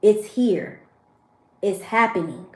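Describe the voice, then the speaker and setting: A woman's voice: mid-range voice, lively intonation, slow, a little mellow. Emotional woman reading tarot, echoey room. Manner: emotional, preachy, speaks to viewers directly. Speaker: tarot reader. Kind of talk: spiritual tarot livestream.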